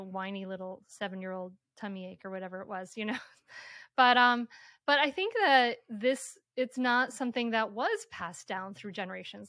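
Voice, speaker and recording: A woman hosting a podcast, talking in a soft, reflective, halting way with many restarts during a casual interview. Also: medium pitch, no room sound, clean studio sound. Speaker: podcast host.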